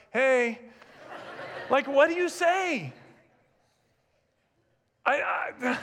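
A man preaching a sermon, telling a story in an animated way with humorous asides. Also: very high voice. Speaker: pastor. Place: church sanctuary, also streamed.

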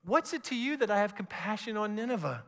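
A man preaching a sermon to a congregation, reading scripture aloud in an animated way with some stammered restarts. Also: high-pitched, quick pace. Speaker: pastor.

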